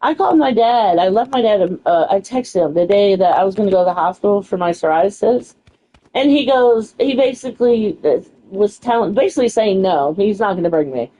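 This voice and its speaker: A woman's voice: medium pitch, expressive, fairly quick, dark tone, low-quality recording. A young woman telling a story in a casual, frustrated way, swearing freely and saying "you know" a lot. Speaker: streamer.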